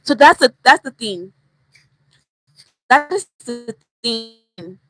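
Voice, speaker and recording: A young Nigerian woman with a Nigerian accent teaching Pidgin English on a livestream, animated and repeating phrases to show tone. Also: a little high, slow pace, low-quality recording. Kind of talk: livestream lesson.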